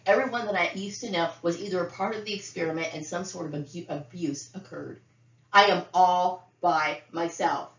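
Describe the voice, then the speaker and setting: A middle-aged woman speaking in a fairly low voice, ranting bluntly and profanely and circling back to the same points. Her words ring around a roomy space. The sound is dull and lo-fi. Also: quick pace, few pauses. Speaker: vlogger. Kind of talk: unscripted monologue to camera.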